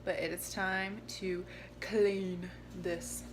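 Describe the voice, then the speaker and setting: A woman's voice: lowish voice, level tone, drawn-out words, a little hiss or hum. A young woman vlogging as a stay-at-home mom, chatty and self-deprecating, talking a little out of breath while filming herself on a phone. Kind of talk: casual vlog chat. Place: parked car, then outdoors on a walk.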